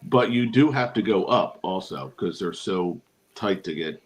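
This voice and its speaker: A man co-hosting a casual podcast, chatting in a relaxed, easygoing way. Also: low-pitched, a little slow. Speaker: podcast co-host.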